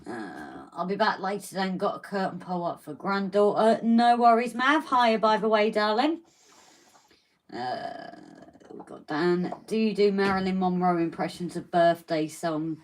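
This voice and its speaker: A woman's voice: medium pitch, big pitch swings, a little slow, low-quality recording. A woman co-hosting a casual live stream, reading out viewer comments and greeting them as darling and lovely.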